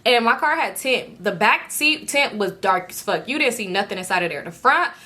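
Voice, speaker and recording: Storytime vlogger, woman, animated and profane, forceful bright tone. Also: medium pitch, normal speed. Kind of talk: casual storytime.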